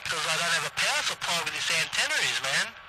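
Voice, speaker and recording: A man's voice: fairly high pitch, big pitch swings, racing, background noise. An Australian man chatting on CB radio from a car parked in a country paddock, rambling and swearing casually. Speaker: CB radio operator.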